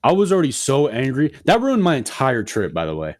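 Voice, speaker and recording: A young man in his twenties tells a story on a casual podcast. He rants with lots of swearing, and his voice swings widely up and down as he acts out other people's lines. His pitch sits in an ordinary middle range. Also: brisk. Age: 20s. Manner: animated, profane ranting with acted-out quotes. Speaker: podcast co-host.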